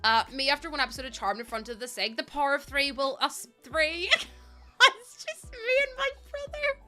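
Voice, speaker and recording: Young woman streamer, bright, slightly high voice, giggly rambling chat. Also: expressive, normal speed, soft background music. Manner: chatty, giggly, rambling anecdotes. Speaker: live streamer. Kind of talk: casual chat while gaming.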